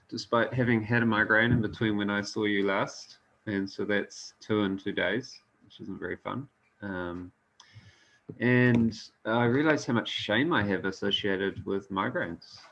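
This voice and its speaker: A man's voice: mid-range voice, measured pace, a bit bright, highs cut off. A man with a New Zealand accent sharing candidly with a group, hesitant with fillers. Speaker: workshop participant.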